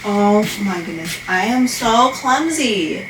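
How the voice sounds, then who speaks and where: Slow-talking, chatty woman in an echoey room. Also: mid-range voice, expressive, recorded from a distance. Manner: chatty, self-deprecating, exclaims often. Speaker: plant vlogger. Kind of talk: casual chat while doing chores. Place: indoor room with plants. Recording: echoey room with clear noise.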